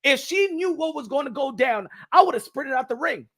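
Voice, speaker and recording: High-pitched guy reacting to boxing, super animated, keeps laughing and cussing, crisp bright sound. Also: normal speed. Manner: excitable, laughing, profane, repeats himself. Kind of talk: casual reaction commentary.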